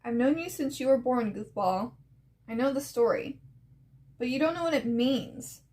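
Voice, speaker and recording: A woman reading as Clementine, a tired young survivor girl, soft and steady, a bit higher voice. it's a comic read-aloud. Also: normal speed, natural voice. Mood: tender. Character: young woman survivor, weary, gentle, resolute.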